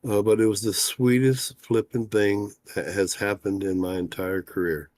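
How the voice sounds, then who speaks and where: A man with a low voice, talking loosely on a livestream. He rambles in a folksy way, full of "uh" and "you know". The sound is dry and close, with no room echo. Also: fairly even intonation, normal speed, darkish tone. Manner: folksy and rambling, with many "uh" fillers. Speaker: fishing guide and talk show host. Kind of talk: casual livestream chat.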